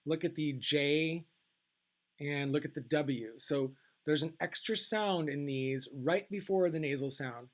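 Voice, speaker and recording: A young man giving a pronunciation lesson in a slightly raised voice. He speaks slowly and deliberately, enunciating each example word with care. Between the examples he explains things in a relaxed, casual way. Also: a little high. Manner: slow, careful, enunciating example words. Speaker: French teacher.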